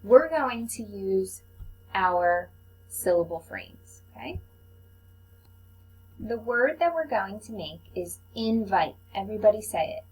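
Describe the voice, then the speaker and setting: A woman teaches a phonics lesson to young children at an unhurried pace. She sounds out each letter and syllable with patient, careful enunciation, and her voice sits at a middle pitch. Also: animated, rough recording. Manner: slow, patient, clearly enunciated teacher talk.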